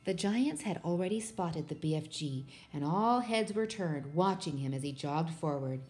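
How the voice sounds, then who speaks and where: A woman reading a children's book aloud in a steady, expressive way. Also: deep voice, moderate pace, few pauses, soft background music. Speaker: storybook reader.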